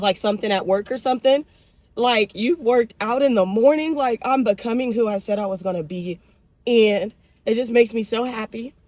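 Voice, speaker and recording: The recording is dry, and the young woman's voice is on the high side. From her car on a drive-thru run, she chats casually and emotionally with her viewers, calling them y'all in an animated way, with vehicle noise behind her.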